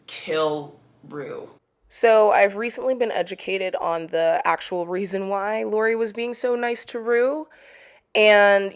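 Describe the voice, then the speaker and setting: A young woman chatting casually to camera about a TV episode, animated and slangy. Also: medium pitch, echoey room. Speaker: video creator reviewing a TV episode.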